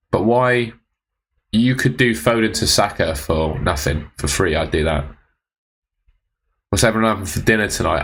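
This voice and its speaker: A man's voice: lowish voice, fairly bright tone, husky. A young man casually answering viewers' fantasy football questions on a live stream, laid-back and teasing.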